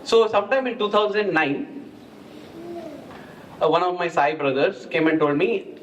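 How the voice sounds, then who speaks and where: Animated Indian man telling stories. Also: high voice, a little slow, long pauses, highs cut off, slight background noise. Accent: Indian English. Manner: animated, acts out dialogue in anecdotes. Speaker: speaker at a spiritual retreat. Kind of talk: storytelling talk. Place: hall at a retreat.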